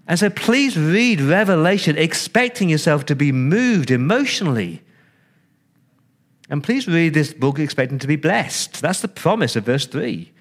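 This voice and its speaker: A man's voice: animated, normal speed. Man preaching conversationally. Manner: conversational preaching with repeated words and restarts; acts out listener reactions with big pitch swings. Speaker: pastor. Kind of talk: sermon.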